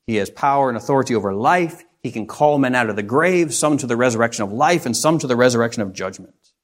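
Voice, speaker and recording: A man's voice: medium pitch, animated, fast. A man preaching a sermon, reading scripture aloud and asking rhetorical questions in an earnest, expository way.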